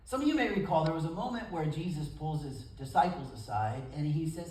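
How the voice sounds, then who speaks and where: A male pastor delivers a folksy sermon, his pitch swinging widely as he acts out quotes in different voices. He sounds distant from the microphone, with his voice echoing around a large room. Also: very animated, fast, hardly any pauses, darkish tone, a little hiss or hum. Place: church service in a gym. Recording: echoey room from far off.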